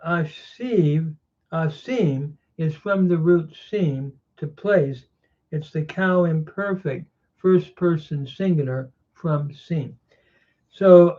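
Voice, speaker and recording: A man delivers a scholarly Bible lesson at an unhurried pace, reading ancient verses word by word before explaining them. His voice sits high for a man. The recording sounds muffled and lo-fi. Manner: deliberate, reads Hebrew slowly then explains. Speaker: Bible teacher. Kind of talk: slow scholarly lecture.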